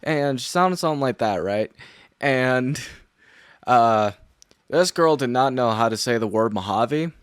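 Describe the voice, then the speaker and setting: A man's voice: mid-range voice, animated, measured pace, clear, resonant tone, no echo, studio quality. A young man streaming a horror game, rambling with lots of filler words and frequent swearing. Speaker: gaming streamer. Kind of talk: casual let's-play commentary.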